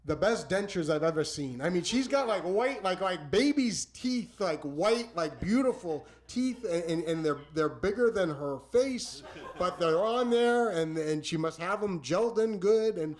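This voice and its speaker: A man telling a funny personal story live on a small theater stage, rambling and animated, repeating words and restarting his sentences. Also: high voice, unhurried. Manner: animated, exclamatory delivery.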